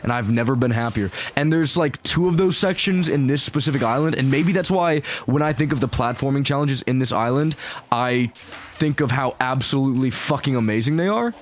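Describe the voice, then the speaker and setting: A man giving casual, excitable gameplay commentary, rambling and swearing freely as he plays. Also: medium pitch, fairly quick, slight background noise. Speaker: gaming YouTuber.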